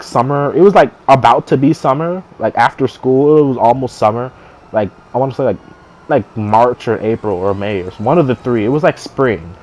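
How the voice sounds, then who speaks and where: Young male streamer, mid-pitched, rambling casual storyteller with restarts and offhand swearing. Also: a little mellow, slight background noise. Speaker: gaming streamer.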